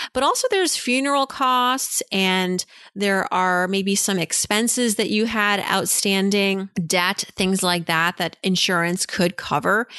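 A woman's voice: on the low side, a bit bright, no echo, studio quality. A woman hosting a personal finance podcast, answering listener questions in a chatty, frank way with lots of "you know" fillers.

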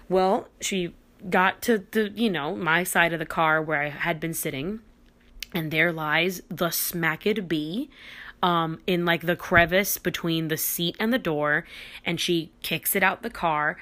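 A young adult woman with a slightly low-pitched voice hosts a podcast, telling a personal story in a loose, chatty way. She gets animated and excitable as she goes, stumbling into restarts and leaning on dramatic pauses. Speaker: podcast host. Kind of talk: casual storytelling.

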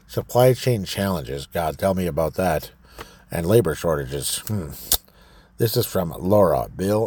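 A man's voice: on the low side, dark tone, breathy edge, no echo. A man hosting a solo talk show, reading news items aloud and ranting sarcastically, laughing at his own jokes. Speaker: podcast host. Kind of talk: opinionated solo commentary.

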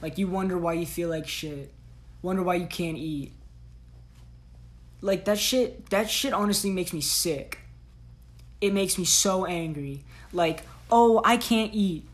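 Blunt, profane woman with a low voice. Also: measured pace, pauses often. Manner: blunt, profane, slangy tough-love ranting. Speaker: podcast host. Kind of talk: solo podcast monologue.

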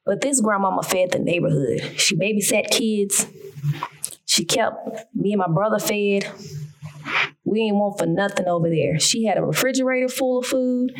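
A woman's voice: mid-range voice, normal speed. A woman with a Southern American accent hosting her own podcast, talking casually in a folksy, emphatic, preachy way. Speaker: podcast host. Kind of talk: casual solo podcast talk.

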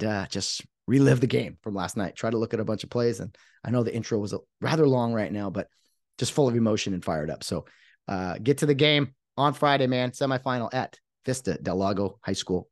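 A man's voice: lowish voice, no room sound, clean studio sound. Fired-up man hosting a podcast. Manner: fired-up, emphatic, rambling with restarts. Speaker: podcast host. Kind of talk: excited podcast monologue.

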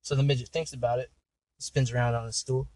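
A man's voice: medium pitch, little pitch movement, brisk, a little mellow, no echo, poor audio. Laid-back man telling crude jokes. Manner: laid-back, profane, laughs often. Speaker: podcast host. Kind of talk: casual chat and joke telling.

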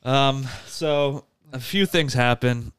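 A man's voice: mid-range voice, slow pace, clear, resonant tone. A man hosting a podcast, casually recapping a comedy movie and laughing often as he tells it. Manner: laughs often while retelling. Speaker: podcast host.

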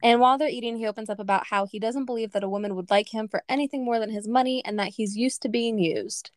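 A woman's voice: a little high, quick pace, no room sound, studio quality. Chatty young woman reviewing a book. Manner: animated, laughing, many "like" fillers. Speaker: podcast co-host. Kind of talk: casual book-review chat.

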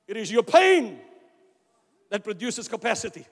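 A man's voice: high voice, very animated, normal speed. A man in his fifties preaching a sermon in a church with impassioned delivery, voicing God's words in quotes. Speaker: pastor. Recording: long reverb of a church hall.

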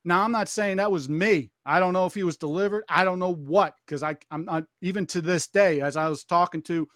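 A woman, a former corrections officer, telling her testimony as a podcast guest in an animated way, acting out the voices she quotes. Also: fairly low pitch, brisk, no room sound, clean studio sound. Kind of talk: testimony storytelling.

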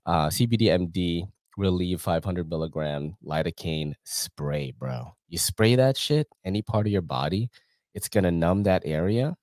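A man's voice: low-pitched, expressive, normal speed, a little mellow, dry recording, studio quality. Laid-back New man reading ads. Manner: slangy, profane and laid-back, laughs often. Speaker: podcast host reading sponsor ads. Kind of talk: casual chat.

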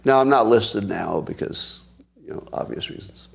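A man's voice: fairly low pitch, moderate pace, gravelly, slightly rough. A man in his sixties hosting a casual livestream, chatting and laughing as he tells stories to viewers. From United States. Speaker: podcast host.

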